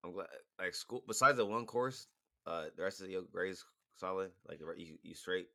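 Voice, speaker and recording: A man's voice: deep voice, moderate pace, a bit bright. A tipsy young man chatting casually with laid-back slang, teasing and apologetic by turns. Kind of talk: casual chat.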